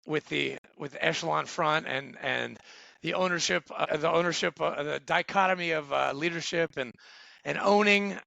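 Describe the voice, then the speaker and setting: A man's voice: fairly high pitch, normal speed, creaky, sharp tone, no echo, highs cut off. A man co-hosting a casual podcast, talking loosely and joking with crude words. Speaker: podcast co-host.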